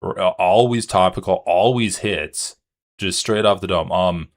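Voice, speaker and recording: Low-pitched male streamer, sarcastic and incredulous, casual commentary. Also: a little slow. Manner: incredulous, sarcastic, swears freely. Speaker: streamer reacting to a podcast clip.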